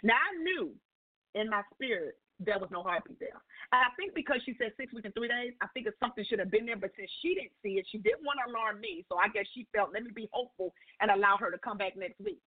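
Woman telling a story down a phone line. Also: fast talker. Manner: expressive, acts out dialogue with big pitch jumps. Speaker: call-in guest sharing a testimony. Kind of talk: animated storytelling on a call-in show. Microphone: telephone.

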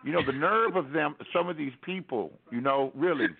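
A man's voice: fairly high pitch, normal speed, creaky, breathy edge. An American man telling a rambling, wry story as a caller on a call-in radio show, with many restarts. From United States. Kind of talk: casual storytelling on talk radio. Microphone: telephone. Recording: tinny phone line.

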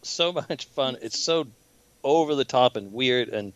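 A man's voice: medium pitch, animated, measured pace, noisy background. A man chatting casually about a movie as a podcast co-host, easygoing and agreeable, chuckling often. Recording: dull lo-fi dry mic.

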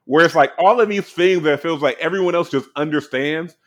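A man's voice: a little high, fairly quick. A young man chatting casually and candidly on a podcast, full of fillers and blunt swearing. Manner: loose and candid, heavy on fillers and profanity. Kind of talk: casual chat.

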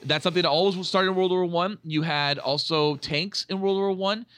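Excitable high-voiced man, profane and rambling. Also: moderate pace, no room sound. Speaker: podcast co-host. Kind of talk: casual film review chat.

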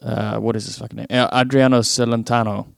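A man with a smooth, resonant, mid-pitched voice, chatting on a podcast and swearing casually. The sound is dry and close to the mic. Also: level tone, a little fast, no room sound. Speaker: podcast co-host. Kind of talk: casual chat.

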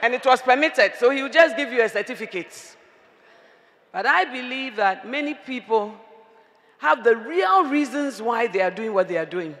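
A woman preacher, giving an animated, humorous sermon and often raising her voice to a shout. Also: a little high, normal speed. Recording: long reverb of a large hall.

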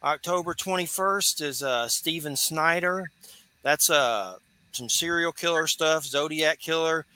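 This radio talk show host is a man in his 40s from Georgia, US, who rambles loosely, chats freely, and laughs easily along the way. He speaks at a measured pace in a fairly high-pitched, sharp voice.

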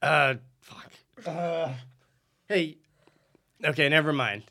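A man's voice: on the high side, takes it slowly, creaky, bright, forceful tone. A man improvising a comedy sketch, rambling and stammering with a blustery, indignant manner.

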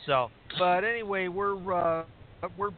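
A man in casual chat, rambling and restarting his sentences as he recaps matches. His voice sits a little high for a man. It comes through a tinny phone line with a faint hiss behind it. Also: unhurried. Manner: rambling, many restarts and fillers. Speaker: podcast co-host recapping wrestling.

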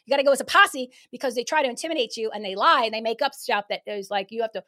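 Woman, high voice, fired-up, emphatic, rapid talk-show guest. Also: animated, pushed and bright. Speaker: guest activist. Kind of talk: casual talk-show chat.

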